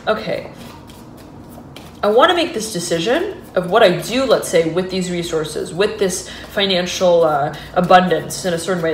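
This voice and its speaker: A woman's voice: medium pitch, reverberant, a little hiss or hum. A woman giving an intuitive tarot reading. She rambles and hesitates, restarts her sentences and fills them with fillers, and she laughs often and gets giddy. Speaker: tarot reader.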